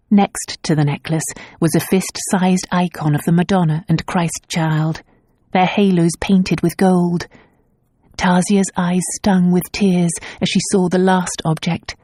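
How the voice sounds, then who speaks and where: A female audiobook narrator tells a scripted story in a calm, measured way. Her voice is mellow and fairly low, captured in a dry, clean studio recording.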